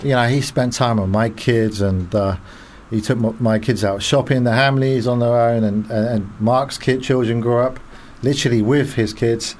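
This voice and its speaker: A man with a slight South African tinge, a radio guest telling anecdotes in a halting way, full of fillers and restarts. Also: mid-range voice, fairly even intonation, darkish tone, slight background noise. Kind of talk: anecdotal interview talk.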